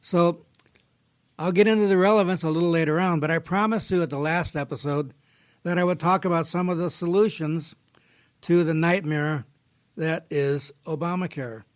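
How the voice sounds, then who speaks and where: A man hosts a podcast in a studio, with a voice a little higher than most men's. He talks plainly and folksily, easing into a fable the way he would tell it across a table. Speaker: podcast host. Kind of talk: casual podcast talk with storytelling.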